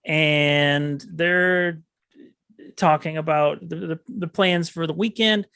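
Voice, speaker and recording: A man co-hosting a podcast, recapping a film in a slow, halting way with many ums and uhs. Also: a little high, fairly even intonation, gravelly, pushed and bright, smooth, no room sound, clean studio sound. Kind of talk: casual movie recap chat.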